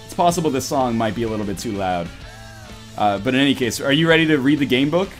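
A man's voice: medium pitch, quick pace. A man hosting a casual voice-call podcast, joking and reading a story aloud in a mock-dramatic way, often swearing. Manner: animated, profane, mock-dramatic. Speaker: podcast host. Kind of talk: casual chat and reading a visual novel aloud. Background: faint rock music.

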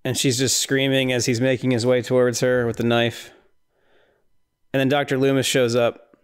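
Smooth-voiced man recapping a movie. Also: mid-range voice, level tone, moderate pace. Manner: rambling, incredulous, laughing at the film. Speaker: podcast host.

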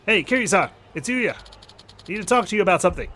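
A man's voice: sits high, expressive, fast talker, sharp tone, slight background noise, pitched above the performer's own voice. A man voicing a brash, chatty young male club manager in a game playthrough.

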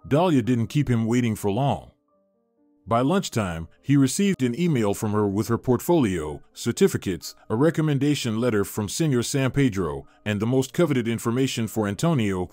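A man narrating a scripted story in a measured, storytelling manner. His pitch moves freely across a wide range, recorded close and dry, with soft music playing underneath. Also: no echo. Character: Antonio, a smitten man, calm and professional.

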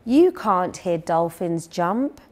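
A woman's voice: fairly low pitch, animated, slow, darkish tone. A woman voicing a doubtful female schoolteacher in a children's story, dismissive and matter-of-fact.

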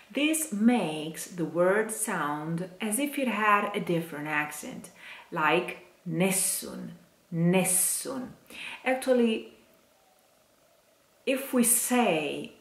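Woman singing teacher, slow careful diction demos, lowish voice, roomy echo. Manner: slow, careful, demonstrating words aloud. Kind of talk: diction lesson for singers. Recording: echoey room.

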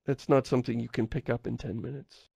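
A man with a gravelly, fry-edged voice chats loosely as a podcast co-host. He rambles, doubles back to fix himself and chuckles between thoughts. The sound is close and dry. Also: mid-range voice, steady tone, fast, darkish tone, no echo. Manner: rambling, self-correcting, chuckles often. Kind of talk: casual podcast chat.

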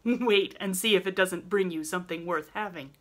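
A woman's voice: lowish voice, normal speed, close to an everyday voice. Woman voicing an impatient teenage boy. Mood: impassioned. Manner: excited, emphatic outbursts.

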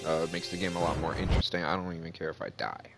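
Gaming host, male, lower voice, loose storytelling commentary, livens up in the retelling, light music bed. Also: very fast, creaky. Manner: animated storyteller, voice jumps up when retelling. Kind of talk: casual gameplay commentary storytelling. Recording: faint music behind.

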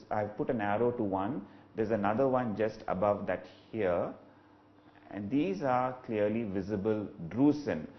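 Male doctor lecturing to a webinar, fairly low voice, patient and explanatory, muffled lo-fi sound. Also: a little hiss or hum. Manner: measured, explanatory, with frequent "uh" fillers. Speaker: ophthalmologist lecturer.

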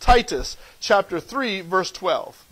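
A man preaching a sermon in a church, animated and joking as he teaches from scripture. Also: high-pitched, takes it slowly, low-quality recording. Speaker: pastor. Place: church sanctuary.

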